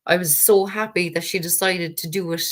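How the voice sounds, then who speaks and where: A woman's voice: lowish voice, fairly even intonation, normal speed. An Irish woman hosting a tarot live stream, chatting casually and rambling with frequent fillers and the odd casual swear word. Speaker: tarot livestream host.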